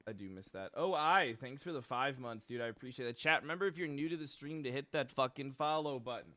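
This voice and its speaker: A man's voice: medium pitch, quick pace, sharp tone, dry recording. A young man streaming a police role-play game, chatting casually to his viewers and rambling with plenty of swearing and laughter. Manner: rambling, profane, laughs often.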